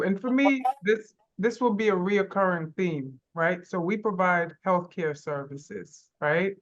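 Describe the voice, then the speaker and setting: A woman's voice: on the low side, measured pace, hardly any pauses, dull audio. A woman on a panel explaining the healthcare services her organization provides, listing them point by point. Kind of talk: panel discussion answer.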